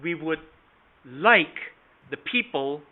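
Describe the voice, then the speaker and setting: A fairly high-voiced man runs a live online sales class and keeps checking in with his listeners by name. He moves between a soft, mellow delivery and a stronger one to show what he is teaching. His audio comes through a narrow, phone-like video-call line. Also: lively intonation, slow pace. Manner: interactive, quizzes participants by name with frequent "right?" and "okay?"; shifts volume and tone to demonstrate matching, from soft to strong. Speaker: sales trainer. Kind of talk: online sales training session.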